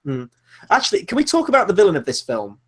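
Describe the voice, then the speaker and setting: Animated, higher-voiced man reviewing films. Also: fast talker, husky. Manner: animated, rambling, sarcastic. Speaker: podcast co-host. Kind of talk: casual film review chat.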